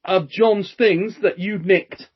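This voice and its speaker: A man's voice: high-pitched, fairly even intonation, slow pace, breathy edge. A British man hosting a casual chat show, blunt and joking, swearing freely. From Britain. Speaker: show host. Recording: muffled lo-fi audio.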